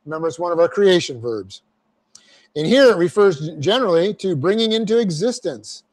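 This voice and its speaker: A man's voice: sits high, animated, a little fast, darkish tone. A man teaching a verse-by-verse Bible class, explaining Greek grammar step by step with folksy asides. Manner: folksy asides, repeats phrases for emphasis.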